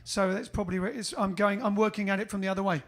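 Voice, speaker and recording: A man's voice: high voice, steady tone, quick pace. A man with a Cockney-Essex accent, hosting a casual livestream chat as a band frontman, rambling with many fillers. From England.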